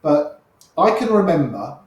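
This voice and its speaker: A middle-aged man spins casual, wry stories as an interview guest, his voice sitting a little high. He loops back and repeats phrases as he goes. The room around him rings with strong echo. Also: very animated, measured pace. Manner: chatty, wry, repeats himself while telling stories. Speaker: interview guest, poker player. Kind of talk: casual anecdotal storytelling.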